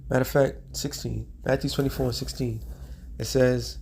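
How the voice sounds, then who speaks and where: A man delivers a street sermon in a medium-pitched voice. He draws out the scripture he reads, then switches to casual slang and keeps checking in with "all right?". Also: steady tone, gravelly, darkish tone, slight background noise. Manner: reads scripture in a slowed, drawn-out cadence. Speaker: preacher.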